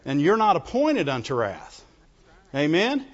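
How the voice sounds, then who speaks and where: A man's voice: on the high side, huge pitch swings, a little slow. A man preaching a folksy sermon in church, calling out to the congregation for amens as he goes. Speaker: pastor. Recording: dull lo-fi recording with long reverb.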